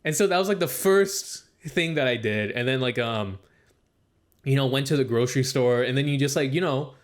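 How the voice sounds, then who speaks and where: A young man co-hosting a casual podcast, telling a long story full of "like" and acting out what people said. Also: moderate pace. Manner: rambling storytelling, heavy use of "like"; acts out quoted speech with raised pitch. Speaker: podcast co-host. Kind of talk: casual chat.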